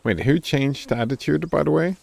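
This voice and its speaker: A gameplay streamer with a higher-leaning, gravelly, darkish voice talks fairly quickly as he plays. He reflects aloud, puzzles over words, and teases himself in casual commentary, with no echo in the recording.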